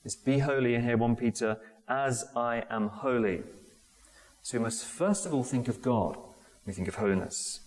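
A man giving a conversational sermon, often pausing with fillers and restarting sentences. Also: mid-range voice, a little mellow. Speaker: preacher. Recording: long hall reverb.

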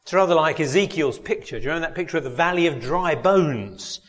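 A man delivering a sermon in a lively, rising and falling voice, pitched a little high for a man. He preaches earnestly and puts questions straight to his listeners. His voice rings with the long reverb of a church hall. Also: fast. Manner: earnest, asks the congregation direct questions.

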